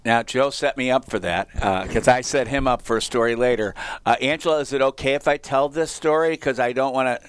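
A man in his sixties, a teacher, telling animated stories in casual chat in a radio studio and laughing often. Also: medium pitch, brisk, clean tone, no echo. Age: 60s. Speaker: radio show guest teacher. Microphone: studio microphone.

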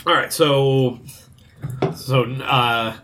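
A man's voice: mid-range voice, steady tone, extremely slow, noisy background. A man running a tabletop card game with friends, chatting, laughing often and narrating the action between turns. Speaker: game master.

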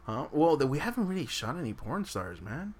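Animated joking male co-host. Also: fairly high pitch, a little fast. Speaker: podcast co-host. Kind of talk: casual podcast banter.

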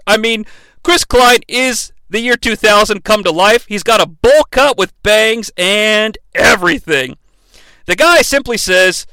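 A man's voice: high voice, bright, forceful tone, no room sound. A man hosting a comedic movie recap, sarcastic and profane. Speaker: movie reviewer, host.

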